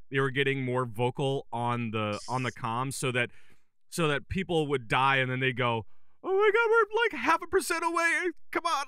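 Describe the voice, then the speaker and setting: An upbeat man hosts a casual gaming podcast and leads each segment with questions. His voice is smooth and resonant, a touch high. The sound is dry and close, with no room in it. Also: sharp tone, no echo. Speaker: podcast host.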